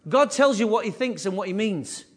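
A man preaching a sermon as pastor, animated and repetitive, with conversational asides. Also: high voice, moderate pace. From England.

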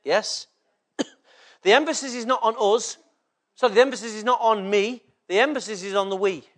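A man's voice: high-pitched, normal speed, a bit bright. A man from England preaching a sermon as a pastor, often checking in with the congregation through short rhetorical questions.

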